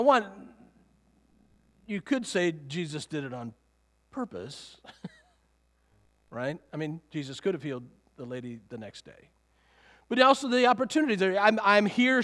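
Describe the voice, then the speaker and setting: A high-pitched male pastor preaching a sermon in a church sanctuary, talking conversationally with rhetorical questions and chuckling asides. His voice rings with a long hall reverb. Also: a bit bright.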